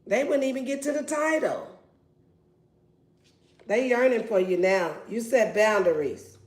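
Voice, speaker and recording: A woman's voice: fairly high pitch, measured pace. A woman giving a casual tarot reading in a brash, playful and profane way. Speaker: tarot reader. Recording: roomy echo.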